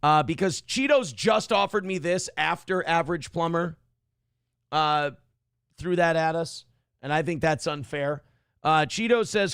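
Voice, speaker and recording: Man, stream talk-show host, sarcastic, rambling, fillers, somewhat high voice, dry close sound. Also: lively intonation, measured pace, fairly bright tone, clean tone, no echo. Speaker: show host reading live chat.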